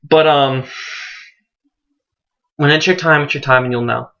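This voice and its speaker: A teenage boy vlogger telling his coming-out story to the camera, animated and earnest, jumping his pitch up high for quoted voices. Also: a little slow, muffled recording. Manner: earnest and tender when encouraging viewers.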